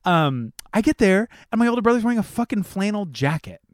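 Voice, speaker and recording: Animated young man telling a story. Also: sits high, a little fast, dry recording, studio quality. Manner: animated, expressive storytelling with swearing. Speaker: podcast co-host. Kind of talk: casual chat.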